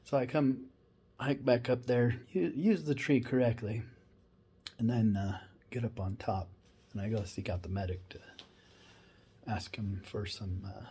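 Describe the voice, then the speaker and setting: A man's voice: medium pitch, a little slow, pauses often, dark tone, slightly rough. A former wildland firefighter, a man, tells a funny story in a laid-back, rambling way with many asides. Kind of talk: casual humorous storytelling.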